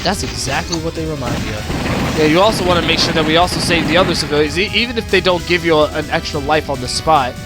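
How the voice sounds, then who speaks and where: A man streaming gameplay, talking casually through the game and shouting at it when it goes wrong. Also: fairly high pitch, fast talker. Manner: excitable, groans and shouts at the game. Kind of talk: live gameplay commentary. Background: loud game music.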